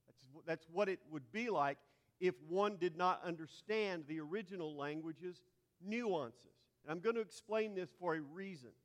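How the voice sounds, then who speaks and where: A man with a high voice preaches a teaching sermon, stumbling over repeated words as he works toward a point. He builds to forceful, emphatic peaks. His voice rings through a hall with a long reverb. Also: moderate pace.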